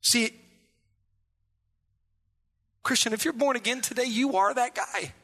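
A man's voice: very high voice, measured pace. Fiery preaching man in a big hall. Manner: impassioned preaching, rising to shouts. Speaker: pastor. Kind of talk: sermon.

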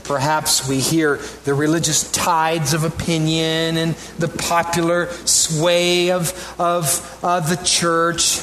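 A man delivers a sermon in a somewhat raised, animated voice, climbing to emphatic peaks before dropping into easy conversational asides with his congregation. A faint room ambience sits behind him. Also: on the high side, slow, hardly any pauses, slight background noise. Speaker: pastor.

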